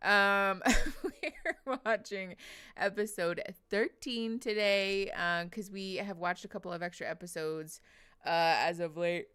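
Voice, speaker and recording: A woman's voice: mid-range voice, steady tone, slow pace, fairly bright tone, clear, resonant tone. A woman hosting a casual livestream, chatty and emotional, reading viewers' names aloud with frequent laughs. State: teary after crying. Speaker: livestream host.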